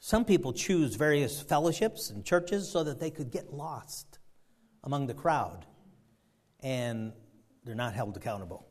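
A man preaching a sermon, fervent, swinging between loud emphasis and quiet asides. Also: mid-range voice, lively intonation, a little slow. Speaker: pastor.

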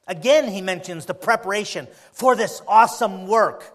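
A man's voice: sits high, animated, brisk, few pauses, fairly bright tone. A man preaching a sermon as pastor, pressing the congregation with repeated rhetorical questions.

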